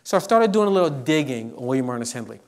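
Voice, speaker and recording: A middle-aged man giving a humorous motivational university lecture, telling stories with lively delivery. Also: medium pitch, quick pace. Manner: animated storyteller, acts out quotes. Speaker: professor giving a guest lecture.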